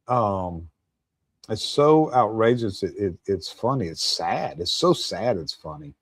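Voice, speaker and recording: A man's voice: fairly low pitch, big pitch swings, unhurried, dry recording, studio quality. A man hosting a show, ranting with profanity and scornful laughs in political commentary. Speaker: host.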